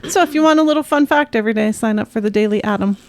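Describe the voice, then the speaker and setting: A woman's voice: fairly high pitch, rapid-fire, darkish tone. A woman co-hosting a book podcast, chatty and upbeat in casual conversation. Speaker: podcast co-host. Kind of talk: casual chat.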